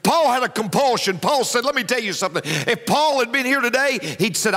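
High, bright-voiced preacher. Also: male voice, lively intonation, brisk, hardly any pauses. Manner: preaching with rising emphatic repetition. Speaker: pastor. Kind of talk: sermon. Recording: long hall reverb.

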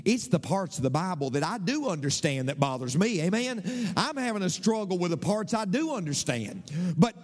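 Male pastor, preaching with big lively swings of pitch, slightly higher voice, church with long reverb. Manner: impassioned preaching, swings from low murmurs to high cries. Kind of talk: sermon.

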